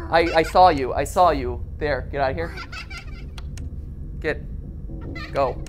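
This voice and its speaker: A woman giving live, jokey commentary while playing a game, reacting out loud and cheering at wins. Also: low-pitched, takes it slowly, a little hiss or hum. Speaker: game streamer.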